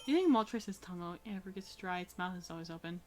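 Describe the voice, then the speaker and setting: A woman's voice: fairly low pitch, expressive, fast talker, soft background music. A young woman streaming a video game, chatting in a playful, goofy, joking way. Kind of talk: casual gameplay chat.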